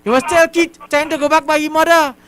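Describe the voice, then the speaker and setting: A woman's voice: high voice, fairly even intonation, fast talker, a bit bright. A woman with a Trinidad and Tobago accent, calling in to a talk radio show and making rallying points with rhetorical repetition. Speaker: radio caller.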